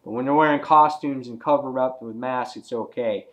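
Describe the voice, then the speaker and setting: A man giving a casual, excitable comic book review, rambling with lots of "he's like" asides. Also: medium pitch, normal speed.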